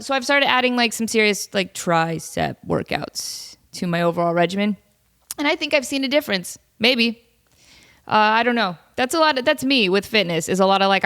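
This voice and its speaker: Sniffly from a cold, this podcast host talks from home on a casual solo show, chatty and poking fun at herself. Her voice is on the high side, a bit bright, and clean.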